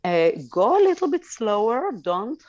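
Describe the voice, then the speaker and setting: A woman's voice: fairly high pitch, big pitch swings, measured pace, a little mellow, no echo, muffled recording. A woman on a talk show giving frank sex advice, laughing easily between points. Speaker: sex educator guest.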